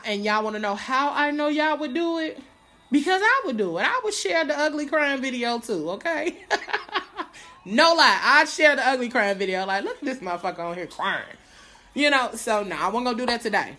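A woman's voice: medium pitch, fairly bright tone. A woman hosting her podcast on a live stream, chatting casually and playfully, cursing and laughing as she talks. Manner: chatty, playful, swears freely, laughs often. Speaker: podcast host.

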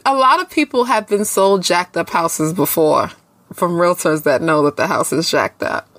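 A woman's voice: lowish voice, moderate pace, fairly bright tone, no room sound. A woman co-hosting a podcast, talking bluntly in casual slang with some cussing and joking. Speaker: podcast co-host. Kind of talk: casual chat.

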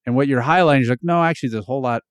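A man's voice: medium pitch, rapid-fire, smooth, dry recording, clean studio sound. A man hosting an interview podcast, talking casually and chattily, often nodding along with short agreements. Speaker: podcast host. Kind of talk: interview conversation.

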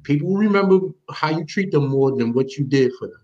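A man's voice: on the high side, animated, fast talker, darkish tone. A man co-hosting a podcast, talking in a stammering but emphatic way. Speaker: podcast co-host. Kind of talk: casual interview chat. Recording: slightly muffled lo-fi audio.

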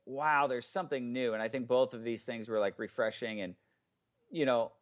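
A man talks as a podcast guest in a loose, casual way, circling his point with plenty of "like" and false starts. His pitch sits in the middle of the male range. The tone is relaxed and conversational. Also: normal speed. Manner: rambling, lots of "like" and restarts. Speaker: podcast guest, ministry founder.

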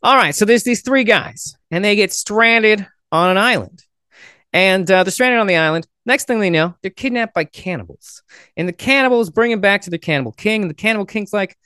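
A man's voice: high voice, expressive, a little fast, bright, forceful tone, clear, resonant tone, dry recording, clean studio sound. A man hosting a podcast, chatting with strangers on a video call and telling jokes with lots of fillers. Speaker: podcast host. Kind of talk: casual video chat with strangers.

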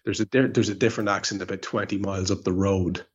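A man's voice: deep voice, fairly even intonation, fast talker, breathy edge, muffled recording. An Irish man hosting a podcast, chatting wryly and telling stories from his home in rural Ireland. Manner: chatty, wry, storytelling. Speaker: podcast host. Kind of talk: casual chat.

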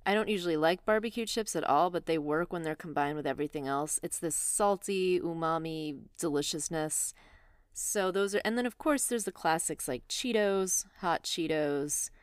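A woman's voice: lowish voice, normal speed, smooth, no echo, studio quality. A woman co-hosting a podcast, chatting playfully, a bit out of breath and laughing easily. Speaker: astrology podcast co-host. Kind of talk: casual podcast chat. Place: room with open door during rainstorm.

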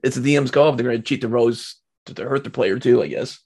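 A man's voice: medium pitch, fast, a little mellow, husky. A man co-hosting a casual gaming chat, speaking in an easygoing way and explaining his points with examples, often chuckling. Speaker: podcast co-host.

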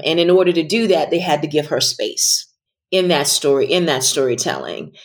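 Woman, middle-aged, low voice, reflective and sincere interview guest. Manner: earnest, thoughtful, trailing off softly at times.

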